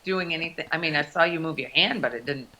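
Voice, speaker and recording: A woman from the United States speaking as a guest on a casual video call, earnest and halting, often restarting her sentences. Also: sits low, crowd noise, low-quality recording.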